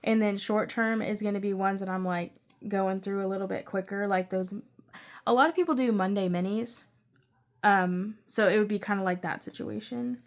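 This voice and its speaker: A young woman chatting casually through her budget, rambling with excitable asides. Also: mid-range voice, normal speed. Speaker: budgeting channel creator.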